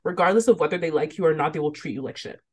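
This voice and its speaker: A woman in her twenties co-hosting a podcast, talking candidly in a casual, animated way. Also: deep voice, racing, slightly rough. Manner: candid, animated, ranting with laughs. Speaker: podcast co-host.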